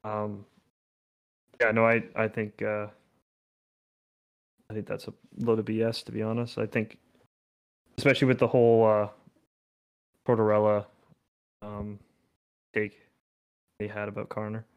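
A man's voice: fairly low pitch, flat delivery, a little slow, long pauses. Laid-back man in hockey chat. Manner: laid-back, laughs often, hesitant fillers. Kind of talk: casual sports chat.

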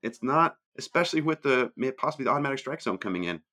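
A man's voice: medium pitch, animated, fast talker, bright, forceful tone. A man co-hosting a sports podcast, giving blunt, dismissive analysis in casual chat. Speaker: podcast co-host.

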